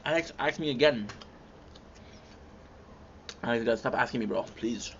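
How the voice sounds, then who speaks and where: A man's voice: medium pitch, moderate pace. Young man chatting with viewers while eating. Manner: relaxed, chatty, stops to chew and hum between bites. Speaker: livestream host. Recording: dull lo-fi stream audio with faint background hum.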